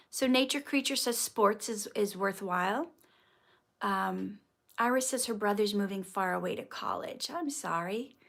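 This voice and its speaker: A woman in her thirties hosting a casual livestream, chatting warmly and encouragingly as she reads viewer comments aloud. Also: medium pitch.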